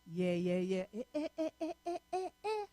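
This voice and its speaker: Trinidadian female calypso singer, high and slow-spoken, dry close mic. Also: sing-song, dark tone, no echo. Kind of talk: live stream performance chat.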